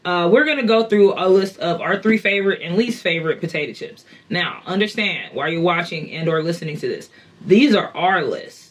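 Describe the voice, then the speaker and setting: A woman's voice: fairly low pitch, animated, fairly quick. A woman with a Houston accent hosting a casual podcast, laughing a lot, swearing and teasing. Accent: Houston Texas. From Houston, Texas. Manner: loud laughing, swearing, playful. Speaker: podcast host.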